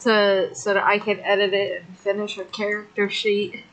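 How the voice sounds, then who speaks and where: A woman's voice: mid-range voice, level tone, moderate pace, fairly bright tone, poor audio. A woman streamer chatting casually during an online tabletop game, laughing often. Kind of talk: casual chat.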